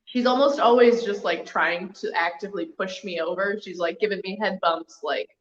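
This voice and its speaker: A woman's voice: medium pitch, moderate pace, hardly any pauses. A woman guest in a casual interview chat, chatty and laughing along. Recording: echoey lo-fi audio.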